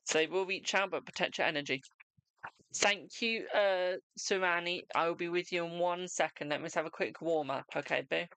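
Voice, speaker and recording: A man's voice: on the high side, fairly quick, pushed and bright, clear, resonant tone, no echo. A man hosting a live tarot reading stream, chatting casually with viewers and calling them darling and boo.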